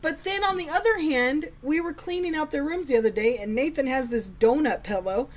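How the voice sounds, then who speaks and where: A woman's voice: sits high, a little fast. A woman in her thirties co-hosting a podcast, talking casually and sarcastically about raising her kids, often laughing as she tells stories. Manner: sarcastic, chatty, laughs while telling stories. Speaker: podcast co-host. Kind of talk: casual chat.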